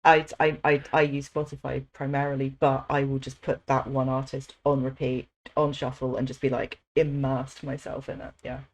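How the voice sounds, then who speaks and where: Eager podcast host, mid-pitched voice. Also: level tone, normal speed, hardly any pauses. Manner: eager, laughs often, agreeable. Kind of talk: casual chat.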